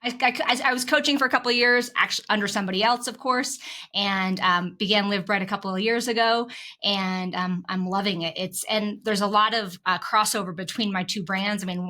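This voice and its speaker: A woman's voice: medium pitch, bright, forceful tone. A woman guest on a podcast, a business owner and coach talking casually with some restarts. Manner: halting, with fillers and restarts.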